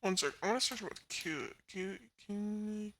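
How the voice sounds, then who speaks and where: A woman's voice: medium pitch, moderate pace, fairly bright tone. A woman chatting casually to her live stream chat from her room at home, laughing often and talking to viewers. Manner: giggly, chatty, talks to chat. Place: bedroom at home.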